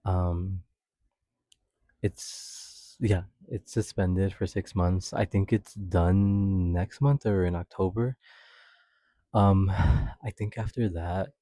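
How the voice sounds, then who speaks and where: A man's voice: steady tone, slow pace, warm tone, no echo. A young man hosting a podcast, telling a personal story in a chatty, swearing way with laughs. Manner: chatty, swears often, laughs while telling, acts out quotes in a high voice. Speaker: podcast host. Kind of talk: casual storytelling.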